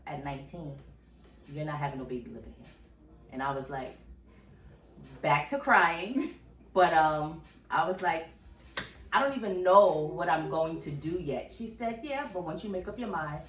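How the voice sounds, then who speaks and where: Middle-aged woman co-host, low voice, storyteller who quotes people, roomy far-off mic. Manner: storytelling, animated quoting of others. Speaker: podcast co-host, mother telling her pregnancy story. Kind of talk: casual chat.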